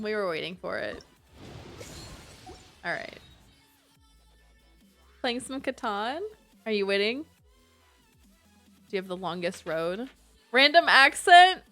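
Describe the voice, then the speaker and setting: A woman's voice: medium pitch, a bit bright. A young woman streamer chatting casually to her live audience, giggling and answering chat as she plays. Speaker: Twitch streamer.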